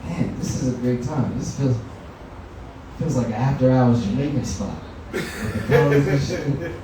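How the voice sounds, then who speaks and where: Profane stand-up comic in an echoey room. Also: male voice, medium pitch, normal speed, distant mic, background noise. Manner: profane, loose conversational storytelling. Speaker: stand-up comedian. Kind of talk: stand-up comedy set. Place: comedy venue lounge, indoors.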